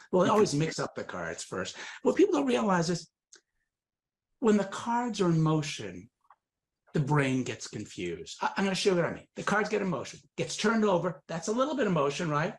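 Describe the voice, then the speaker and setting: A man's voice: fairly high pitch, big pitch swings, normal speed. A man performing comic magic patter for a live audience, swinging from very serious to absurd, with teasing asides.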